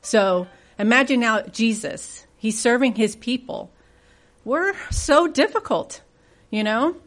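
A woman's voice: fairly high pitch, lively intonation, slow pace. A woman leading a church Bible study, reading scripture aloud and asking the group questions in a conversational way. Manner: reads scripture aloud with rising emphasis.

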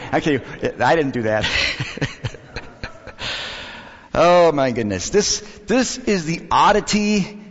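A man preaching a sermon as pastor, telling stories and jokes in a lively, conversational way. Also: fairly high pitch. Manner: lively, joking, storytelling with acted quotes. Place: church sanctuary. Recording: dull hall recording with long reverb.

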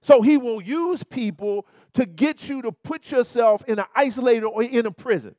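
A man pastor preaching a sermon in an animated, colloquial way, turning often to his listeners with repeated asides. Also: very high voice, moderate pace, no echo, studio quality.

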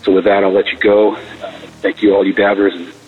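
Low, flat-voiced man encouraging on the phone. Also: brisk, breathy edge. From California. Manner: earnest, encouraging, brotherly. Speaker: caller. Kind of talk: recorded voicemail to a podcast. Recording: tinny phone line with faint music.

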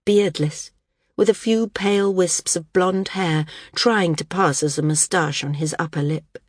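A woman narrating a fantasy audiobook in a measured, descriptive way. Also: on the low side, breathy edge, dry recording, clean studio sound. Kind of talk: scripted narration.

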